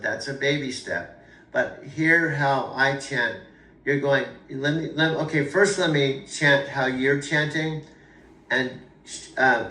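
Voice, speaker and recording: A man's voice: mid-range voice, a bit bright. A man patiently coaching, encouraging and repeating himself, laughing easily. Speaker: chanting practitioner coaching an AI. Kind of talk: casual instructional talk. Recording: echoey room with faint background noise.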